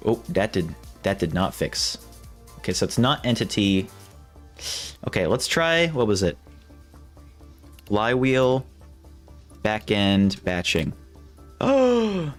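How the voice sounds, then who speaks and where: Rambling male streamer, low voice. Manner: rambling and self-interrupting, breaking off to test impressions. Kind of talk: casual live-stream chat.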